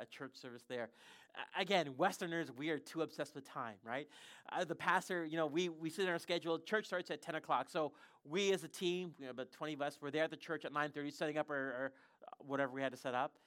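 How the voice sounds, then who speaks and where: A pastor preaching a sermon, telling stories in an animated way and often restarting sentences. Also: mid-range voice. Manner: animated storytelling with frequent self-restarts.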